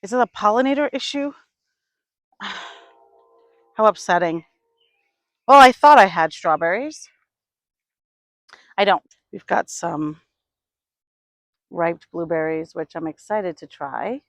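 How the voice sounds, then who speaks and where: A woman from upstate New York talking to her camera while she tends her garden, sighing, hesitant and thinking out loud. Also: on the low side, a little slow, long pauses, no echo. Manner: sighing, hesitant, talks to herself while working. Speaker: gardening vlogger. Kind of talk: casual vlog narration. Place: outdoor garden.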